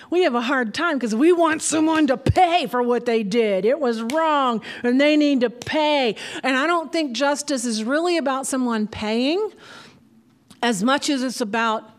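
An older grandmother preaching a sermon, telling a homey story with asides and laughs. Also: on the high side.

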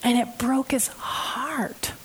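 A woman preaching a conversational sermon, emotive and personal, moving from hushed, near-whispered passages to loud, stirring ones. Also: fairly high pitch, fairly even intonation, slow, slight background noise, low-quality recording.

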